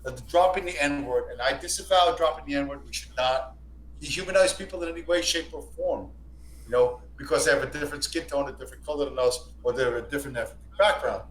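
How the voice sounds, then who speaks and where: A man's voice: fairly high pitch, fast. A man telling a long, rambling, profane story on a stream, repeating and restarting himself often. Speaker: stream guest. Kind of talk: casual storytelling. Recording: echoey room with faint hum.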